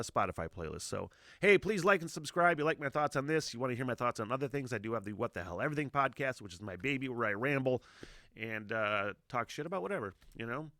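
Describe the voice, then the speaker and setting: Middle-aged guy rambling about music, bright tense voice, swears a lot, dry close mic. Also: medium pitch, dry recording. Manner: rambling, swears freely, many fillers. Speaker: music reaction host. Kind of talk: casual reaction commentary.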